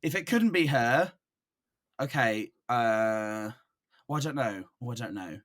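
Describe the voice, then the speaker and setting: A man from Brighton with an English accent, a guest on a podcast, chatting casually with hesitant pauses and playful teasing. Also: medium pitch, animated. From Brighton, England. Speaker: guest drag performer.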